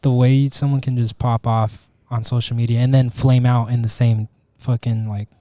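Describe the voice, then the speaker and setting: A young man with a mellow, darker tone, talking in laid-back slang on a podcast. The recording is dry and close to the mic. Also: mid-range voice, level tone, moderate pace, no echo. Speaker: podcast co-host. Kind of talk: casual chat.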